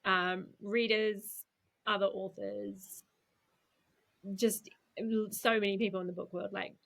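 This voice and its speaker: A woman's voice: mid-range voice, little pitch movement, slow, creaky, fairly bright tone. A woman author, a podcast guest, chatting casually and laughing at herself. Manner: laughing, self-deprecating.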